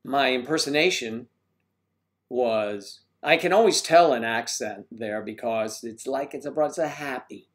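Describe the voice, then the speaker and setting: An older man hosting a casual livestream, joking and rambling as he reads viewer comments, often clearing his throat. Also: mid-range voice, unhurried. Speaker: host of a livestream. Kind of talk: casual live chat reading viewer comments.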